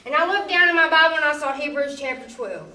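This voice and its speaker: A woman's voice: high-pitched, fast, sharp tone, echoey room, recorded from a distance, poor audio. A woman giving an emotional, conversational church testimony, often checking in with her listeners. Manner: emotional, conversational, often asks "you know?". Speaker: testimony speaker.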